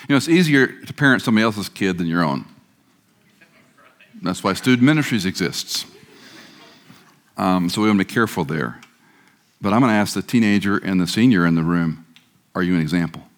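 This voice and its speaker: A man's voice: deep voice, a bit bright. A middle-aged man preaching a sermon, joking at times and leading the congregation in repeated recitation. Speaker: guest preacher.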